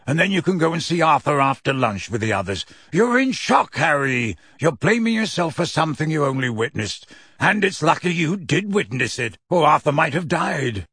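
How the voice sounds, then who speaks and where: Man voicing boisterous godfather, loud, firm, steady, dry close voice. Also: fairly high pitch, normal speed, breathy edge, no echo, heavily acted. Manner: hearty, then firm and reassuring.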